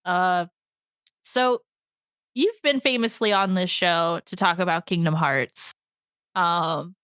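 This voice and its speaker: A young podcast host talking casually in a bubbly, giggly way. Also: female voice, on the low side, slow, fairly bright tone, clean tone, no echo, clean studio sound. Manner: bubbly, laughs often.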